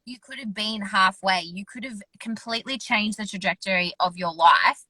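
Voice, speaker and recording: A woman in her thirties speaks frankly and earnestly on a wellness podcast, swearing casually as she talks. Her voice is bright and forceful. The recording is dry, with no room echo. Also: medium pitch, moderate pace, breathy edge. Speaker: wellness coach and co-host.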